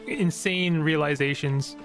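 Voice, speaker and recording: A man's voice: a little high, measured pace. Joking gaming streamer man. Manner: chatty, joking, reacts aloud. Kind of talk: casual let's-play commentary. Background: game music.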